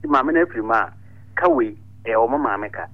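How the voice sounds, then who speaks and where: A man's voice: medium pitch, fast. Older man giving advice over a tinny phone line. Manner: explains at length in short steady phrases. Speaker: radio caller giving advice.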